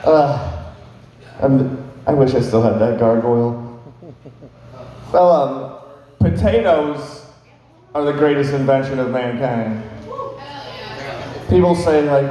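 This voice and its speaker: Profane rambling young comic in echoey hall. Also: male voice, mid-range voice, takes it slowly, pauses often, dark tone. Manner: rambling, profane, filler-heavy. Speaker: stand-up comedian. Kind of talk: stand-up comedy storytelling. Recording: echoey hall with long reverb.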